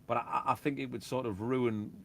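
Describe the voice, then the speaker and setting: A man, a DJ and label owner, chatting casually and telling animated stories that act out beats and quotes. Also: medium pitch, fairly quick, gravelly. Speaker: guest, DJ and record label owner. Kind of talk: casual chat.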